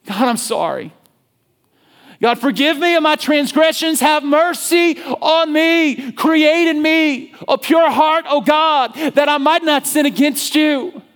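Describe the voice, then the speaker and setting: A man's voice: extremely high pitch, slow pace, fairly bright tone, long reverb tail, pitched above the performer's own voice, heavily acted. A preacher voicing a remorseful ancient king who begs God for mercy in a fervent, pleading voice.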